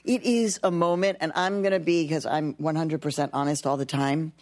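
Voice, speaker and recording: A woman's voice: low-pitched, fairly even intonation, normal speed, a little mellow. A woman hosting a live podcast interview, chatting and laughing easily. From Mexican heritage, lives in New York. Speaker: host.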